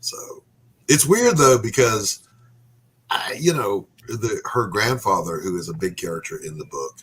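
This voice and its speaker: A middle-aged man from the South, hosting and telling jokey, animated stories. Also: lowish voice, a little slow, husky, low-quality recording. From Southern United States. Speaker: podcast host. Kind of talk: casual chat.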